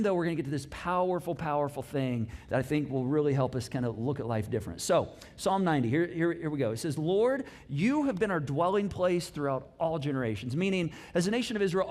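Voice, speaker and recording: A man preaching a sermon as a pastor, telling a story casually with playful asides and acting out the characters' lines. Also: sits high. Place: church auditorium.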